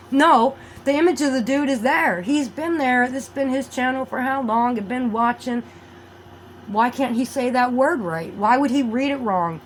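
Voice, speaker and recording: A woman vlogging a rambling monologue, animated, swinging between loud outbursts and low mutters. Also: a little hiss or hum, rough recording.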